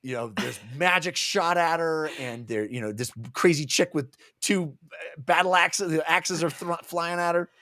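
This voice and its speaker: A man's voice: a little high, sharp tone, no room sound. Enthusiastic man with a dry voice. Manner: enthusiastic, halting with fillers. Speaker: podcast co-host. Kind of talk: casual book-club chat.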